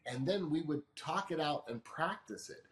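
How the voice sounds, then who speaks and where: A man guest in an interview, explaining calmly and patiently as an expert, working through practical examples. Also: a little high, moderate pace, a little hiss or hum. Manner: calm, teaching tone with practical examples. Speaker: emotional management expert guest. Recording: roomy echo.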